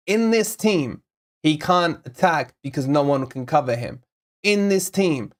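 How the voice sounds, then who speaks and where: A young man hosting a fan channel, giving sarcastic, exasperated player ratings and reading out viewer comments while recovering from covid. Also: a little high.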